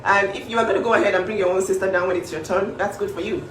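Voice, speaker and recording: A woman's voice: mid-range voice, fairly even intonation, rapid-fire. A woman speaking up for her younger sister in a casual vlog, emphatic and repetitive, with many fillers. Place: home kitchen. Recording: echoey room, mic at a distance, faint background noise.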